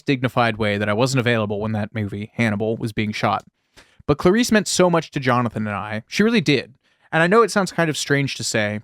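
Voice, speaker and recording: A podcast co-host with a medium-pitched voice is heard in clean studio quality with no room sound. Casual in manner, he recites film history while tossing off dry, sarcastic remarks.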